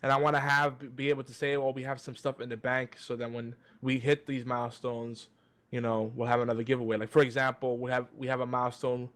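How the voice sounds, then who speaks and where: A man's voice: medium pitch, flat delivery, a little fast. A man co-hosting a podcast over a video call, ranting in casual chat, swearing freely and stumbling through restarts. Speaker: podcast co-host. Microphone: joined by video call.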